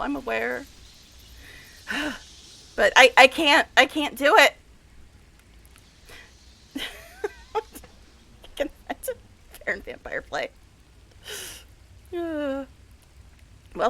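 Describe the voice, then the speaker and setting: Bright, gushing woman gaming commentary. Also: sits high, vocal fry. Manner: gushing, dramatic and exasperated, laughing often. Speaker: game streamer. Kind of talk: casual gameplay commentary.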